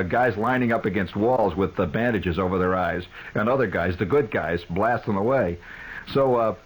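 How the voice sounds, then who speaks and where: A man's voice: fairly low pitch, husky, poor audio. A man hosting a radio talk show, delivering a rambling, sardonic monologue full of "uh" fillers and restarts.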